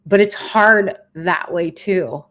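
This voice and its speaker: A woman in her fifties speaks straight to her livestream viewers with a slightly low voice. She is earnest and blunt, and she talks from the heart without softening anything. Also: slow. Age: 50s. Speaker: vlogger sharing her cancer treatment. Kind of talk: candid livestream talk to viewers.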